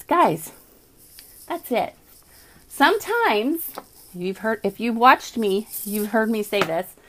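Woman host, upbeat and chatty, live morning inspiration show read to viewers. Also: mid-range voice. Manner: enthusiastic, chatty, addresses viewers as guys. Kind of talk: live-stream inspirational talk. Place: home, streaming live.

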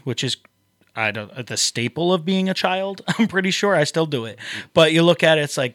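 A man, a youth pastor, talks faith on a podcast, animated and often laughing, acting out little quotes. His voice sits a bit high. The sound is close and dry. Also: brisk, no echo. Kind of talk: casual faith podcast discussion.

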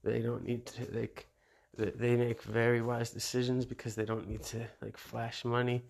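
A man's voice: mid-range voice, flat delivery, moderate pace, vocal fry, darkish tone. A middle-aged man hosting his own show in a blunt, rambling, profane monologue, laughing between remarks. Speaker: show host.

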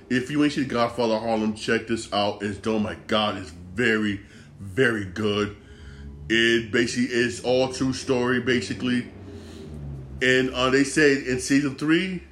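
A man hosting a casual solo podcast, rambling and repeating himself, with slangy, profane talk. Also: mid-range voice. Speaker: podcast host.

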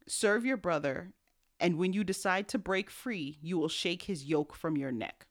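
A woman on a casual podcast retells a Bible story, slipping into the characters' lines with slangy, animated delivery. Her voice sits a little low for a woman. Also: measured pace. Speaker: podcast co-host.

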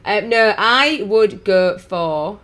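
A woman's voice: medium pitch, animated, slow pace, fairly bright tone, slight background noise. A woman chatting casually as a guest and laughing easily. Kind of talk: casual chat.

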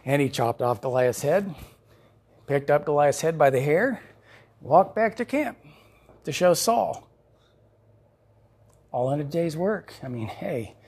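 A pastor delivers a sermon as lively storytelling, chuckling now and then. His voice sits a little higher than most men's and carries a slightly husky grain. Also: takes it slowly, long pauses.

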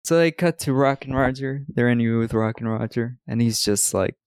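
A male podcast co-host chats casually while recapping a movie, laughing often and retelling scenes with quoted lines. His medium-pitched voice is smooth and a little mellow, at a moderate pace with no echo.

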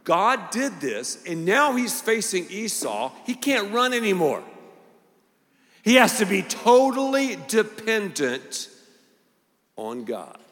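A man with a fairly high voice delivers a lively sermon, acting out the voices in the story and driving his points home with repeated punchy phrases. His voice rings out with the long reverb of a large hall. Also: slow. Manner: animated, acts out voices and quotes, punchy repetition. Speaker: pastor.

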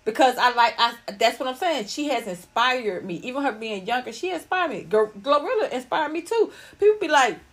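A woman's voice: high voice, fairly quick, few pauses. Blunt, profane woman podcast host. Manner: blunt, profane, animated and preachy. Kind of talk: casual livestream talk to viewers.

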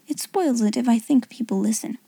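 A woman voicing a clever, imaginative young schoolgirl in a soft whispered role-play, hushed and wondering. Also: on the high side, a little fast, breathy edge, no room sound.

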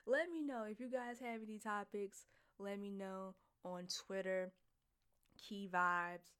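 A young woman hosting her own podcast alone, excited and giggly, rambling and repeating herself in casual chat. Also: mid-range voice, measured pace, smooth. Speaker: podcast host.

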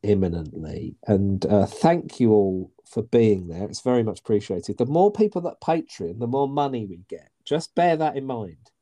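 A man co-hosting a podcast, with a mellow, warm tone. He is wry and teasing, and chats casually. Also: fairly low pitch, animated, normal speed, hardly any pauses. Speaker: podcast co-host. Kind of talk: casual chat.

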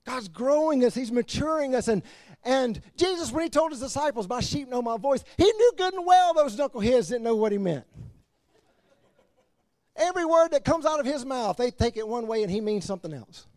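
Animated, high-voiced preaching pastor. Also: male voice, a little fast, no room sound, clean studio sound. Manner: animated, laughs between points, drops to quiet emphasis. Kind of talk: sermon.

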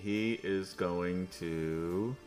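A man's voice: low-pitched, extremely slow, darkish tone, soft background music. A man acting as game master, narrating a tabletop game in a loose, thinking-aloud way.

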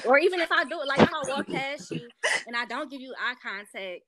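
A woman's voice: sits high, animated, fairly quick, a bit bright. A woman in a casual chat, ranting in a heated way with lots of profanity.

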